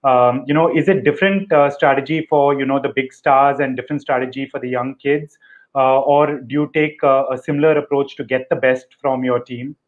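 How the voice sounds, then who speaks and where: A man's voice: medium pitch, fairly even intonation, a little fast. A man hosting a live online interview, asking questions with frequent fillers and "right?" tags. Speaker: host of a live fundraiser interview. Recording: dull lo-fi audio.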